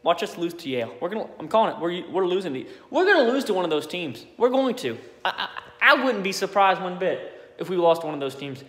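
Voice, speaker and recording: A man's voice: high-pitched, a little fast. Exasperated man ranting about sports. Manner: exasperated, blunt, animated rant with frequent fillers. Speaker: sports vlogger. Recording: echoey room with long reverb.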